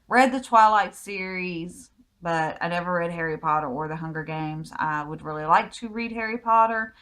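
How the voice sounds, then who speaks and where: A Southern American woman with a fairly low voice chats through a personal question list in a home vlog. Her answers ramble easily and are full of little ums. It sounds relaxed and unscripted. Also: moderate pace. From United States. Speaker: vlogger. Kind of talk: casual Q&A vlog.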